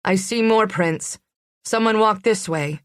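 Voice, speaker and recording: A woman's voice: mid-range voice, unhurried, clean tone, no room sound, clean studio sound, voice pushed up, lightly acted. Woman voicing an eager female investigator. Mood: excited.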